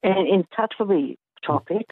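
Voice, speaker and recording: A woman's voice: mid-range voice, expressive, moderate pace, slightly rough, dry recording. A woman calling in to a radio quiz, cheeky and laughing as she chats. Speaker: radio caller. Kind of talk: phone-in chat. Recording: tinny phone line.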